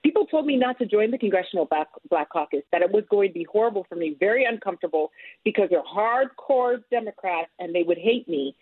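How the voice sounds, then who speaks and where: A woman's voice: mid-range voice, lively intonation, fast, dry recording. A woman guest being interviewed, telling her story in an earnest, emphatic way. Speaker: guest, author and former politician. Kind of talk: conversational interview. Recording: tinny phone line.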